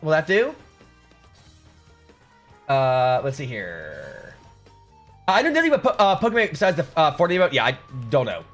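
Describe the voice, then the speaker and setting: High, lively, sarcastic young streamer guy. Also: brisk, pauses often. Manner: sarcastic, joking, stammering restarts. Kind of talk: casual live-stream chat reading viewer comments. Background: faint music.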